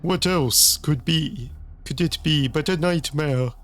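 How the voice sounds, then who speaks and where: A man doing a shrill, groveling old bishop. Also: slow, a bit bright, soft background music. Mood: disbelieving. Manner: shrill pleading and screaming. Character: panicked older male bishop begging for his life.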